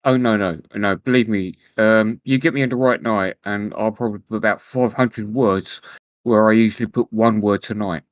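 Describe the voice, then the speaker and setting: A tipsy man, chatting rapidly and saying "you know what I mean" over and over. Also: fairly low pitch, steady tone, dry recording. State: drunk. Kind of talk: casual voice chat.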